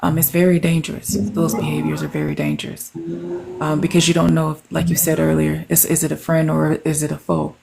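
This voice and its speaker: A livestream guest who speaks in a measured, deliberate way with frequent ums. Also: medium pitch, level tone, gravelly, noisy background. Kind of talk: casual discussion.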